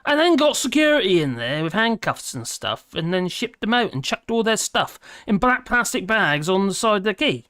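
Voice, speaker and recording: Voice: mid-range voice, big pitch swings, normal speed, few pauses, fairly bright tone, no room sound, clean studio sound. A host with a British accent chatting casually on a live stream, reading out viewer comments and humming between them. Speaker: livestream host.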